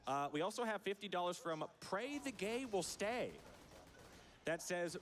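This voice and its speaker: A man's voice: high voice, animated, normal speed, a bit bright. A man hosting a live charity stream, reading donation messages aloud in an upbeat, playful way. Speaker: event host reading donations.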